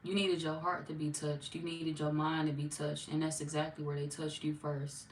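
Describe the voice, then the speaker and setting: A woman with a low, deep-set voice gives a casual tarot reading, playful and full of slang. She laughs often as she talks. She sits well back from the mic in an echoey room with a faint hum of ambience behind her. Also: level tone, normal speed. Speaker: tarot reader. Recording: roomy echo, distant mic.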